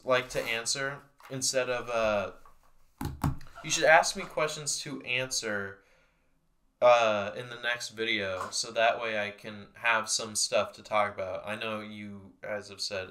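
Young male vlogger, bright tone, rambling and profane, casual to-camera chat. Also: medium pitch. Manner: rambling, joking, loose and profane.

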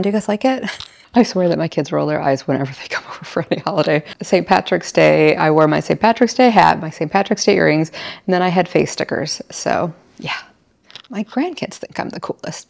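A woman's voice: lowish voice, lively intonation, fairly quick, gravelly, darkish tone. A middle-aged woman chatting casually at home while she decorates, laughing often and telling little stories. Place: home, indoors.

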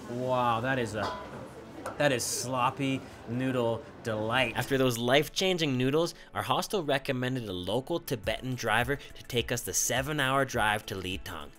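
Male travel food host, excitable and effusive, mid-pitched voice. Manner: exclamatory, gushing over food; mixes English with simple Mandarin. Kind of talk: enthusiastic food vlog with voice-over narration.

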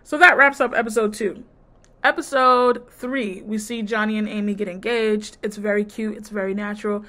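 A woman's voice: medium pitch, fairly even intonation, normal speed, bright, forceful tone. A woman vlogger giving a casual, sassy and blunt recap of a reality TV show, mimicking the cast as she goes. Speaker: TV review vlogger.

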